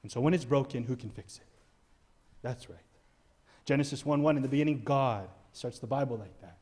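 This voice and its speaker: A man's voice: mid-range voice, fairly quick, dark tone, husky. Emphatic man preaching a sermon. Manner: emphatic, conversational, asks the congregation questions. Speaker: pastor. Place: church.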